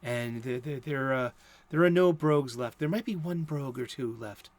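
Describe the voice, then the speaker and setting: A man's voice: medium pitch, moderate pace. A middle-aged American man hosting a casual chat, rambling with many fillers and restarts. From United States. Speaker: host.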